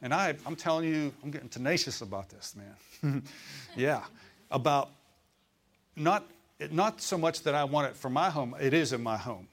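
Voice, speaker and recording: A man preaches at a middle pitch, easy and conversational. He keeps checking in with his listeners, asking questions as he goes. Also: animated, moderate pace, a bit bright, breathy edge. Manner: acts out voices in quotes. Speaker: pastor. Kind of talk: sermon.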